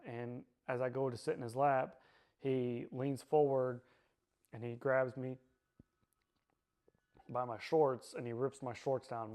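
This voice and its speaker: A man telling his own story in a personal testimony, quiet and subdued, halting and searching for words with many fillers. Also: mid-range voice. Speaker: survivor sharing his story.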